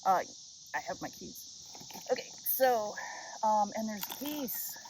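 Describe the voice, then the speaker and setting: A woman's voice: medium pitch, animated, takes it slowly, background noise. A woman chatting casually to her viewers in a rambling, self-deprecating vlog, recorded on a head-mounted camera outdoors on a river island. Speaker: vlogger. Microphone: head-mounted action camera. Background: insects and nature sounds.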